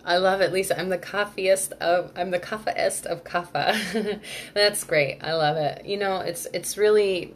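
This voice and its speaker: A woman with a low voice, hosting a live online workshop. She talks in a loose, rambling way, full of fillers and restarts. She stops now and then to answer viewers by name. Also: slight background noise. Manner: chatty, reads viewer comments aloud and answers them. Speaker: Ayurveda workshop host. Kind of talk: live-streamed workshop talk.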